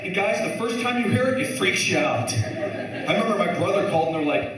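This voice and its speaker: A man's voice: fairly quick, a crowd in the background. A man performing a stand-up set to a live audience, telling his story with lots of animation. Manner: animated storytelling, swings pitch a lot. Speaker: stand-up comedian. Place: comedy club stage. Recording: echoey live club, distant mic. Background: audience laughter.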